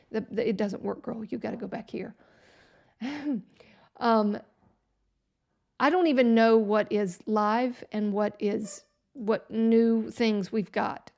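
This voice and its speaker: A woman's voice: fairly high pitch, gravelly, darkish tone. A woman hosting a casual live stream, sarcastic and exasperated, talking to herself as she works.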